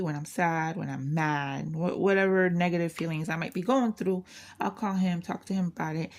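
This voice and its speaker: A woman with a notably low, deep-set voice talks in a loose, unscripted chat. She vents candidly about her day, rambling along and often restarting her sentences. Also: darkish tone. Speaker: craft channel host. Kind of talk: casual chat.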